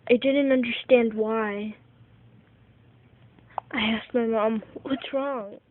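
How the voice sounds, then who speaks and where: Earnest first-person woman narrator, very slow delivery, faint hiss in the recording. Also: a little high, steady tone, narrow, tinny audio. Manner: earnest, slow, heartfelt telling. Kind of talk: first-person storytelling for a home-made toy film.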